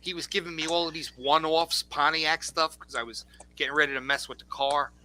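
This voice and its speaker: A man hosting a casual chat, telling animated anecdotes and acting out the dialogue. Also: a little high, brisk, slight background noise, poor audio. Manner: animated anecdote teller, acts out quoted dialogue.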